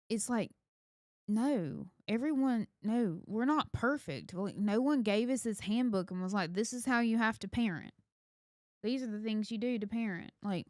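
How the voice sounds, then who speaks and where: A woman speaks earnestly and directly to her listeners on a conversational podcast. Her voice is smooth and clear, in the middle of the female range. The sound is dry and close. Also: medium pitch, dry recording. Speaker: podcast co-host.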